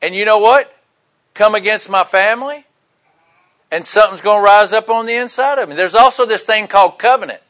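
An older man, preaching a sermon in a folksy, joking way, with loud bursts and quiet asides. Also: sits high, brisk. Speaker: pastor.

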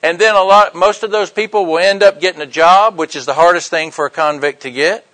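A high-pitched male pastor delivers a sermon. He tells stories with animated energy and acts out each character's lines. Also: fairly quick, rough recording. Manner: animated storyteller acting out dialogue. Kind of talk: sermon storytelling.

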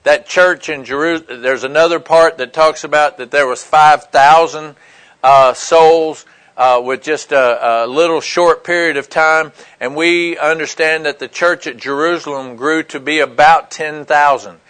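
Slightly high-voiced man preaching conversationally. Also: fairly even intonation, unhurried, fairly bright tone, clean tone, low-quality recording. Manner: conversational preaching with frequent "right?" and "okay" check-ins. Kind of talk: sermon.

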